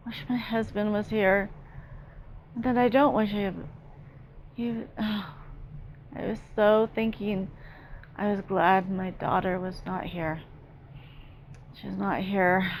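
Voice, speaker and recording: A woman psychic medium giving an emotional, halting first-person channeling narration, repeating herself as she speaks. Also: mid-range voice, fairly even intonation, slight background noise.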